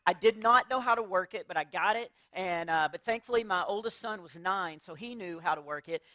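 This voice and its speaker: On a church stage before a laughing audience, a man performs stand-up comedy in a high, fairly quick, sharp-toned voice. He tells stories animatedly, acts out characters, and laughs at his own jokes.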